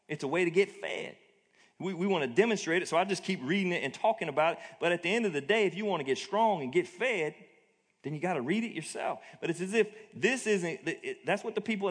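Pastor preaching in a reverberant church hall. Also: male voice, high voice, husky. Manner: conversational, plainspoken preaching. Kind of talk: sermon. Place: church auditorium.

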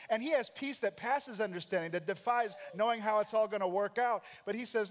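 High-voiced emphatic American preacher in a reverberant church. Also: male voice, brisk, few pauses. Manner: emphatic preacher, acts out quoted lines. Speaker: pastor. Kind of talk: sermon. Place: church sanctuary. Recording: long hall reverb.

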